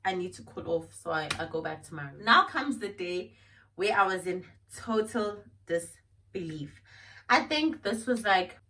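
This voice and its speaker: A woman's voice: medium pitch, unhurried, far from the mic, slight background noise. A young woman from South Africa with a South African accent, telling a dramatic storytime vlog and slipping local-language phrases into her English. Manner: animated, dramatic, mixes English with Xhosa and Zulu phrases. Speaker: vlogger.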